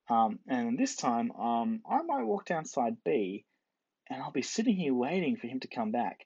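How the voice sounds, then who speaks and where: A man's voice: mid-range voice, big pitch swings, normal speed, vocal fry, darkish tone, breathy edge, dry recording. A man giving a casual explanatory lecture, playfully acting out the quoted characters. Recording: dull lo-fi dry recording.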